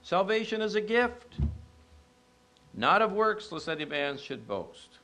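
A male pastor delivers a sermon a little slowly, weaving in stories and rhetorical questions. His voice climbs to emphatic peaks and then sinks low and quiet.

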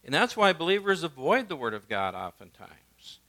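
A male pastor, preaching a sermon and swinging from emphatic lines to hushed ones. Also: fairly high pitch, sing-song, normal speed.

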